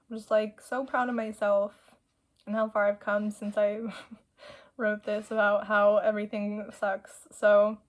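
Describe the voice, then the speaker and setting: A young woman chatting casually into a desk mic at home, rambling and self-deprecating with lots of fillers. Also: medium pitch. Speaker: vlogger. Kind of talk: rambling casual vlog chat. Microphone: desk mic with headphones.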